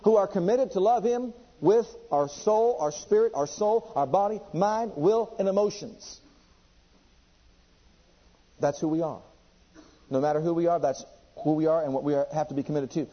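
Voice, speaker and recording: A man preaching a sermon with passion, reading scripture aloud and swinging between loud and hushed delivery. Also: fairly high pitch, moderate pace, pauses often, big-room sound. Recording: dull lo-fi sermon recording.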